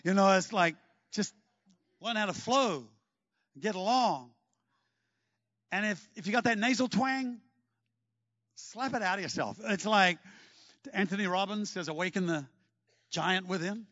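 A man preaching a sermon in an animated, joking way, breaking into shouts. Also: sits high, measured pace, pauses often, no room sound, highs cut off. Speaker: pastor.

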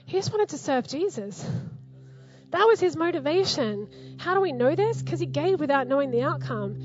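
A woman pastor preaching a sermon in an animated, conversational way, laughing often. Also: high voice, normal speed, dull audio.

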